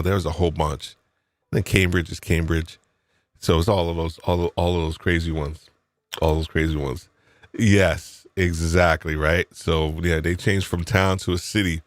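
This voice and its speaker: A man from New York talks in a very low, deep voice on a live podcast. He rambles in an animated way and keeps restarting his sentences. The sound is dry and close. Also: no room sound. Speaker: podcast co-host. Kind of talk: casual live podcast chat.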